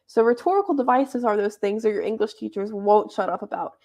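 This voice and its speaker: A woman's voice: mid-range voice, a little fast, darkish tone. A young woman leading a debate club workshop, explaining in a chatty, informal teaching manner. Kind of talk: explaining debate judging criteria.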